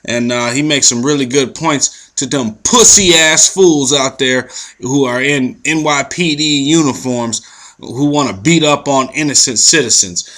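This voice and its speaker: Bright-voiced man ranting in slang. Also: medium pitch, a little slow. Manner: profane, animated, confrontational street slang. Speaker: commentary vlog host. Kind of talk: ranting news commentary.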